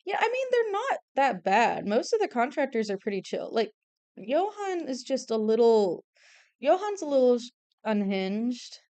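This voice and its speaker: A woman's voice: on the high side, very animated, moderate pace, a little mellow, dry recording. A young woman streaming her drawing, chatting casually in a rambling, self-deprecating way and laughing often. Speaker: streamer and artist. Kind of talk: casual chat while drawing.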